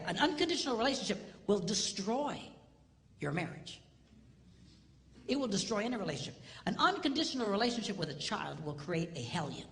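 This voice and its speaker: An older man delivering a humorous live marriage seminar, with a very lively, bouncing delivery that swings between loud and hushed. His voice rings with the long reverb of a big hall, and faint background noise sits underneath. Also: sits high.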